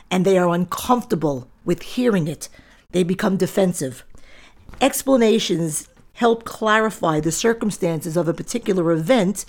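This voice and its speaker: A woman's voice: medium pitch, a little mellow. A middle-aged woman hosting her own podcast, talking firmly and directly to listeners in a lecturing monologue. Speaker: podcast host and diet center owner.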